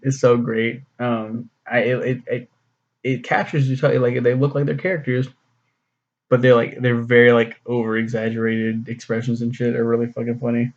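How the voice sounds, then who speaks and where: A man recaps a comic in a loose, rambling, profane way, full of fillers and restarts. His voice has a gravelly fry at mid pitch. The recording is muffled and lo-fi. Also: level tone, normal speed, darkish tone. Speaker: comic reviewer. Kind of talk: casual recap and commentary.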